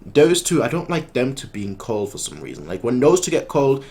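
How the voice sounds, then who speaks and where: A man's voice: medium pitch, very animated, moderate pace, gravelly, a little mellow. A man hosting an anime reaction video, chatting casually while closing it, rambling with many restarts and poking fun at himself. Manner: rambling, many restarts and fillers, self-mocking.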